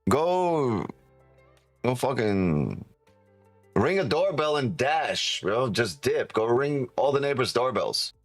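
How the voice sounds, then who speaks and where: A man's voice: mid-range voice, very animated, slow, dry recording. Guy on a live trading stream, swears constantly, cracks jokes, laughs a lot, dry close sound, music faint behind. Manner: loud, profane, joking, laughs often. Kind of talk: casual live stream chat.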